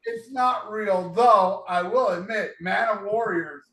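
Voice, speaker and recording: A man's voice: high voice, takes it slowly, bright, forceful tone, roomy sound, low-quality recording. A man co-hosting a podcast, rambling in an easygoing way and turning emphatic when making a point. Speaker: podcast co-host, YouTuber. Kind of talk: casual podcast chat.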